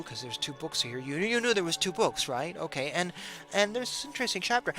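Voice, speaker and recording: A man's voice: fairly high pitch, animated, fast talker, music in the background. A middle-aged man hosting a casual monologue, talking straight to his audience with lots of rhetorical questions. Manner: conversational, rhetorical questions, chuckles. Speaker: political commentary host. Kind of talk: casual direct-to-camera monologue.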